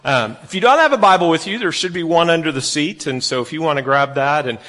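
Preacher guy, chatty and joking, bit high voice, big echoey church hall. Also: animated, fast, bright, forceful tone. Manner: chatty, folksy, self-deprecating humor. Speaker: pastor. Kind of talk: casual sermon opening. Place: church sanctuary. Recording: long reverb of a large hall.

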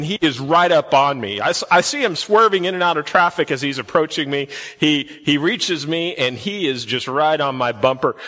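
Bright-voiced pastor in a reverberant sanctuary. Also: male voice, fairly high pitch. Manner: storytelling, chatty, asks the congregation questions. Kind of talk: sermon. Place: church sanctuary. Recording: long hall reverb.

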